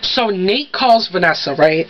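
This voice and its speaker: A woman's voice: lowish voice, lively intonation, a little slow, lo-fi sound, slight background noise. A young woman casually recapping a TV episode, chatty and rambling, and she acts out the characters' lines as she goes. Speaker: TV recap vlogger.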